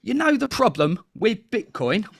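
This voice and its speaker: A man putting on a deliberately bad Cockney accent to voice a brash pitchman in a comic mock advert, with a hammy sales spiel. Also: sing-song, creaky, breathy edge, dry recording, clean studio sound, heavily acted. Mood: brash hamming. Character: brash male Cockney pitchman hawking a product.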